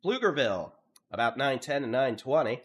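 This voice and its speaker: A Texan man, congested from allergies, runs live severe-weather coverage in a steady, at times monotone cadence. He works through town names, storm speeds and hail sizes one after another. His pitch sits in the ordinary middle for a man. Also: normal speed.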